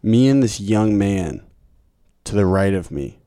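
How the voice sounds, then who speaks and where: A male podcast host with a very low, mellow voice talks in a relaxed, chatty way and laughs easily. The sound is dry and close on a studio mic. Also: measured pace, dry recording. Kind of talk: casual podcast chat.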